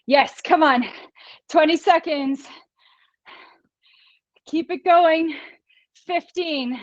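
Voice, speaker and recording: A woman instructor with a high voice leads an online workout at a relaxed pace. She counts down reps, cheers the class on and laughs easily. The sound is dry and a little dull, like a streamed call. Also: drawn-out words, no echo. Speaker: fitness instructor. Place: small studio room.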